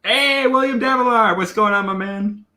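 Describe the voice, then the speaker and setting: A man hosting a casual livestream whiskey tasting. He is excitable and profane, bursts into amazed exclamations, and answers viewer chat. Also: high-pitched, normal speed. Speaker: whiskey reviewer and host.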